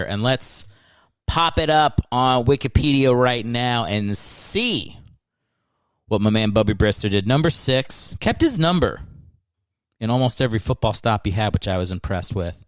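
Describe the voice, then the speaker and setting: A man's voice: medium pitch, lively intonation, measured pace, clean tone, no room sound, clean studio sound. A man hosting a podcast, rambling in a casual, profane and self-mocking monologue. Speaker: podcast host.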